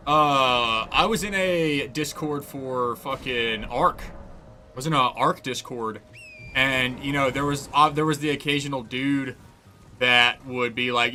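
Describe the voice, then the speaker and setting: A man's voice: mid-range voice, pushed and bright. A young man streaming a game, chatting casually in a loose, profane, rambling way and laughing often. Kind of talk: casual chat while gaming.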